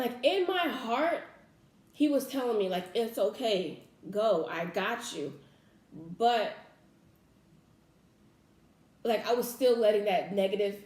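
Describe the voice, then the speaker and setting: A young woman speaks to her camera in casual talk and tells a personal story of faith. Her voice sits at a middle pitch, and she sounds earnest and emotional as she stumbles through fillers and restarts. The room around her gives back a noticeable echo. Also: darkish tone. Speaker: vlogger.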